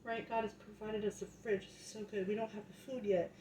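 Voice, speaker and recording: A woman's voice: mid-range voice, level tone, brisk, mellow. A young woman at home, telling a faith story in chatty, casual talk that grows fervent and preachy, often asking "right?". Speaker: vlogger sharing a faith testimony. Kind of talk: casual testimony turning to preaching. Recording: echoey room, faint background noise.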